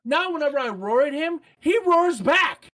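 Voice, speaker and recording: A man's voice: very high voice, animated, normal speed, fairly bright tone. A man guesting on a podcast in casual chat, joking in a playfully over-the-top way.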